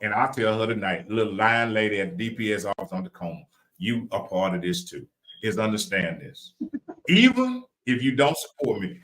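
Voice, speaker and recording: A man's voice: lowish voice, sharp tone, low-quality recording. Southern man preaching on a podcast. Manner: repetitive, preacher-like cadence. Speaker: podcast co-host. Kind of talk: preaching-style live podcast chat.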